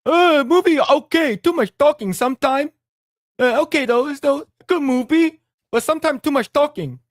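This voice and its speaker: A man putting on the voice of his older immigrant father, speaking in clipped, halting broken English. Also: extremely high pitch, no room sound, clean studio sound, pitched above the performer's own voice. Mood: grumbling.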